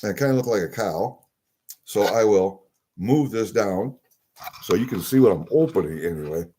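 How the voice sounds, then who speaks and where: A man's voice: on the low side, lively intonation, measured pace, dark tone, a little hiss or hum. An older man casually chatting on a live stream while opening packages at his desk, rambling and greeting viewers as he goes. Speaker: livestream host opening packages. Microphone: webcam on desk.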